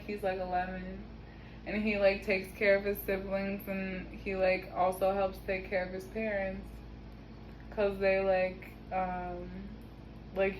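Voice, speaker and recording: A woman's voice: mid-range voice, low-quality recording. Young woman vlogger, chatty and laughing, casual swearing, faint room noise. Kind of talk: casual storytelling. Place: home kitchen.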